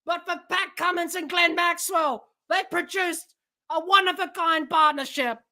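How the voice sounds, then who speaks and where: Hoarse, shouting woman commentator. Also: extremely high pitch, unhurried. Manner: excitable, shouting on big hits. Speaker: podcast host. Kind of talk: live watch-along commentary.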